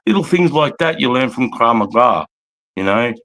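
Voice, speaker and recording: A man's voice: medium pitch, expressive, moderate pace, a bit bright. An Australian man, an army veteran, telling blunt, profane, rambling stories casually on a livestream.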